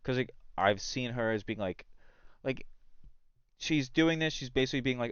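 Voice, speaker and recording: A man's voice: medium pitch, a little fast, clean tone, dry recording, highs cut off. A man co-hosting a podcast in casual chat, rambling and filling his talk with "like". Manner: rambling, heavy use of "like". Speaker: podcast co-host.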